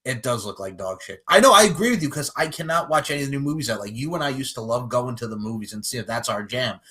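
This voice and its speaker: A man's voice: mid-range voice, animated, fast talker, bright, forceful tone, husky. A young man co-hosting a podcast, chatting with eager, slangy banter. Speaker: podcast co-host. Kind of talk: casual banter.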